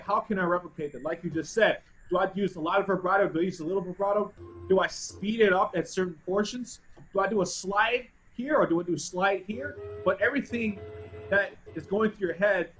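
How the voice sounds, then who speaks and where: High-voiced man teaching a bass class. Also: a bit bright, poor audio. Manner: thoughtful, restarts phrases while searching for words. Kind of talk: teaching a group music class.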